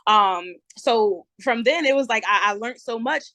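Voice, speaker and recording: A woman's voice: a little high, measured pace, dry recording. Casting note: twenties New Jersey-accented woman, candid podcast guest, dry close sound. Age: 20s. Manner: lively, candid, lots of "um" and "you know". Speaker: guest entrepreneur. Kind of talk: casual interview chat.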